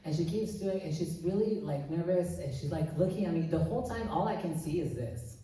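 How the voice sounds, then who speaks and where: A man's voice: a little high, animated, fairly quick, mellow, far from the mic. A man from Iran doing stand-up, telling a story in a chatty way full of "like" and restarts. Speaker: stand-up comedian. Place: comedy club stage. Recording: very echoey room, voice off-mic.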